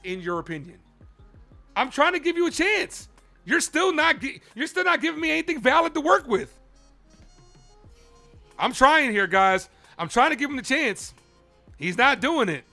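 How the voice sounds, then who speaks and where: High, bright-voiced man arguing with his chat. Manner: heated and argumentative, pressing chat for answers; calls balls and strikes between rants. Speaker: live play-by-play streamer. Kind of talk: live-stream call-in with chat reactions.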